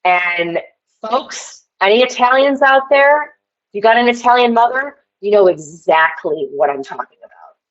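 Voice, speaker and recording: A woman's voice: fairly high pitch, expressive, a little slow. Woman ranting on a livestream, slightly muffled. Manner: rambling, addresses the chat directly. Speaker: livestream guest. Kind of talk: casual livestream rant.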